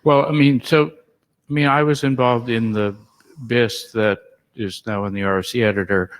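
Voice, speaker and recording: A man's voice: mid-range voice, fairly even intonation, normal speed. A man speaking up at the floor mic during a conference meeting, phrasing his question hesitantly. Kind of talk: meeting discussion.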